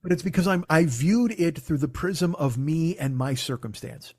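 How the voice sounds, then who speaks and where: A man's voice: a little high, expressive, moderate pace, darkish tone, no room sound, studio quality. A man hosting a comedy podcast, ranting in a profane, sarcastic, mocking way. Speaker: podcast host.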